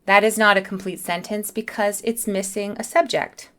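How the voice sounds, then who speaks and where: A woman teaching a beginner English lesson, speaking in a clear, careful way. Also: medium pitch, steady tone, moderate pace, fairly bright tone.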